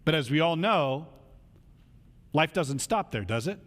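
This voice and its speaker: A male pastor delivers a sermon in a lively, conversational way, acting out the people he quotes. His voice sits high for a man and climbs and drops all over the place. It carries a long hall reverb, like a large church sanctuary. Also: measured pace. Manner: animated, conversational preaching that acts out quoted voices.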